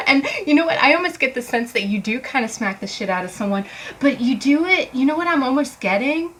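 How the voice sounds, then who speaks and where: A woman doing a casual tarot card reading for viewers, animated and sassy, laughing often and cussing freely. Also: sits high, brisk, low-quality recording. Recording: background hiss from mic fault.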